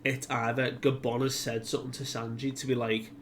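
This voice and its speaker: A man's voice: mid-range voice, little pitch movement, brisk, a little hiss or hum. A man hosting a casual comic chapter recap, chatty and full of fillers, who acts out the characters' lines. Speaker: manga discussion video host.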